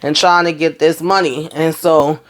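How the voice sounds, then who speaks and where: Male TV reviewer, slightly high voice, rambling animated storyteller, casual recap. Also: moderate pace. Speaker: TV show reviewer.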